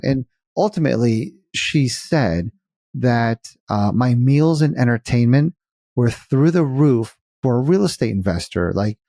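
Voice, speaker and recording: A blunt, lively man speaks with a dark, mellow tone. He tells his story as a casual interview guest and acts out each side of the conversation. The sound is close and dry. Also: medium pitch, no echo. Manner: animated, blunt, swears casually, acts out dialogue. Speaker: guest, cost segregation firm founder.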